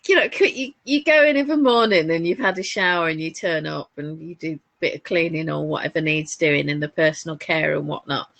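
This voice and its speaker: A woman's voice: sits low, fairly quick, gravelly, hardly any pauses, dry recording. A woman with a Northern English accent, co-hosting a casual crafting chat and telling family stories. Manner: chatty, warm anecdotes with frequent laughs. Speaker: podcast co-host.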